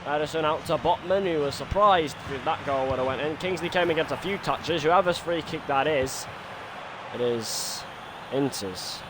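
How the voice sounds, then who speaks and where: A man streaming a football video game, doing his own match commentary that swings from quiet musing to shouted goal calls. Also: a little high, moderate pace. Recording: noisy background ambience.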